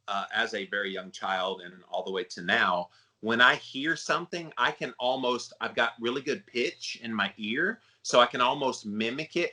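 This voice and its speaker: A man's voice: mid-range voice, sharp tone. A man hosting a podcast, chatting in a friendly, rambling way with his guest. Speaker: podcast host. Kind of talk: casual interview chat.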